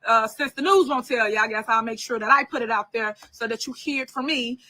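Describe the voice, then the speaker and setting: A woman politician addressing her viewers in a measured, defiant way, with many fillers, heard as a clip played inside a stream. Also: a little high, sharp tone.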